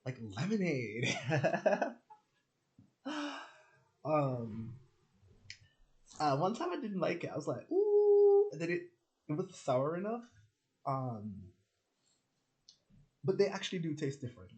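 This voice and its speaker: A man's voice: a little high, big pitch swings, unhurried, pauses often. A young man from Jamaica with a Jamaican accent, rambling casually and laughing as he jumps between topics. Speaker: spiritual channel host.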